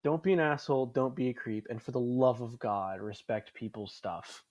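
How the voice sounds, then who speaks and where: A man's voice: mid-range voice, normal speed, darkish tone, dry recording. A man in his twenties hosting a casual podcast chat, rambling, swearing often and laughing a lot. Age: 20s. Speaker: podcast host.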